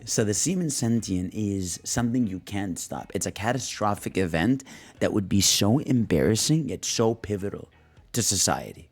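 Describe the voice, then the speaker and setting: A man's voice: lowish voice, a little mellow, breathy edge. Slangy young man streaming, rambling. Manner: rambling, laughing, slangy, voices quoted characters. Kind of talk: casual livestream chat, reading chat prompts.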